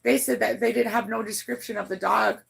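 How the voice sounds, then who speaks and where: A woman with a gravelly edge and a fairly high voice, talking to her stream chat. She rambles, restarts often and swears bluntly. Her voice climbs high when she gets emotional. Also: steady tone, brisk, a bit bright. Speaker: livestreamer reading her chat. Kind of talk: casual livestream storytelling.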